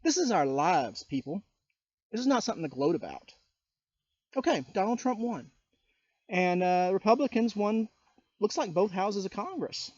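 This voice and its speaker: A man's voice: high-pitched, very animated, normal speed, long pauses, darkish tone, slightly rough, lo-fi sound. Indignant man ranting on a vlog. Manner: indignant, addresses people directly with rhetorical questions. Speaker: YouTuber. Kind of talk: political rant vlog.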